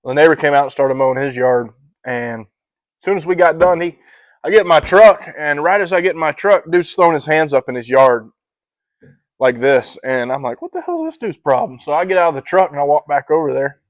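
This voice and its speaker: A young man with a slightly high voice chats loosely on a podcast, swearing freely and clearing his throat between thoughts. The sound is dry and close to the mic. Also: fairly quick, dry recording, rough recording. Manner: profane storytelling, clears throat often. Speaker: podcast co-host. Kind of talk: casual chat.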